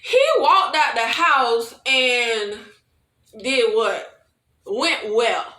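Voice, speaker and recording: A woman's voice: fairly high pitch, extremely slow, reverberant, a little hiss or hum. A woman giving a casual, exasperated recap of a TV episode, talking straight to her viewers. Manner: animated, exasperated and incredulous, addresses viewers as y'all. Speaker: show recapper.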